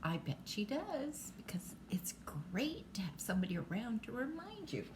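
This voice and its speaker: A woman's voice: a little high, huge pitch swings, normal speed, noisy background. An older woman reading a bedtime storybook aloud, stopping for chatty asides to the child listening.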